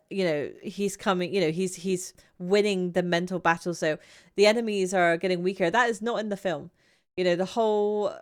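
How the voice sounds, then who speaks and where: A young woman talks through a film review at an average pitch. She rambles casually, trips over her words and laughs often as she goes. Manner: chatty, rambling, animated, frequent laughs and restarts. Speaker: YouTube channel host.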